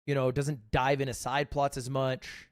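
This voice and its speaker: A man hosting a livestream, chatting casually in a rambling, joking way with quick asides. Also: mid-range voice, level tone, clean tone. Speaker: livestream host. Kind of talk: casual reaction-stream chat.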